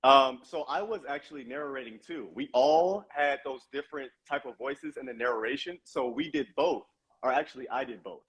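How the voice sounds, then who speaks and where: A man's voice: medium pitch, moderate pace, a bit bright, husky. A man guest on a casual interview podcast, a voice actor telling chatty anecdotes with plenty of uh and man.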